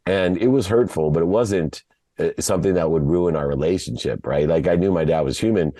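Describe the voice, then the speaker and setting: A man from Ohio, a podcast guest, telling a personal story in an emotional, halting way, often repeating words. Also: low-pitched, warm tone, no echo. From Ohio, USA.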